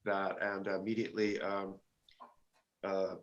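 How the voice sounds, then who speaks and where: A low-pitched older man talking casually as an interview guest. He speaks haltingly, with frequent fillers and restarts as he works through his stories. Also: flat delivery, muffled recording. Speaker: guest musician.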